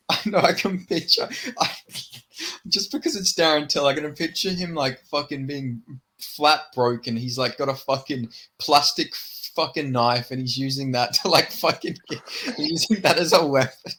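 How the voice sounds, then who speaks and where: A man's voice: a little high, moderate pace, sharp tone. Rambling, profane male podcast host. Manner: rambling, profane, restarts often. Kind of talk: casual podcast chat.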